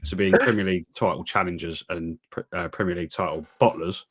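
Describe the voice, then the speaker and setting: A man's voice: deep voice, fast talker, crowd noise. A man co-hosting a football podcast, giving opinions in casual chat with many fillers and restarts. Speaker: podcast co-host.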